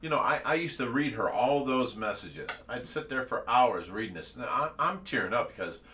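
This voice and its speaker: A man's voice: mid-range voice, expressive, normal speed, pushed and bright, far from the mic, slight background noise. A man hosting a fish rescue livestream, chatting casually and earnestly, laughing at times.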